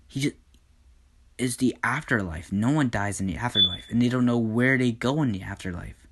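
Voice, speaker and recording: A man narrating an improvised fan story casually, halting often with fillers and restarts. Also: medium pitch, fairly bright tone, breathy edge.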